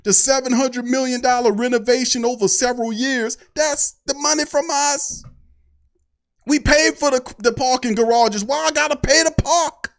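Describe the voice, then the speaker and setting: A man's voice: extremely high pitch, fairly even intonation, moderate pace. A man hosting a sports show, delivering a heated, profane fan rant full of mocking asides. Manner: fired-up, preachy, profane, mocking imitations. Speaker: sports podcast host.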